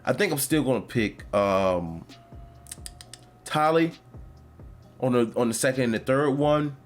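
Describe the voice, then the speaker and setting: Over soft background music, this podcast host talks about a video game in a medium-pitched, animated voice at a measured pace. His casual, rambling chat is packed with fillers and false starts.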